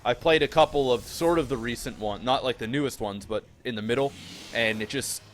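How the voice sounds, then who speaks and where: A man's voice: mid-range voice, a little fast, slight background noise. A man co-commentating a video game in a laid-back, rambling way, with some swearing. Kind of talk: casual gaming commentary.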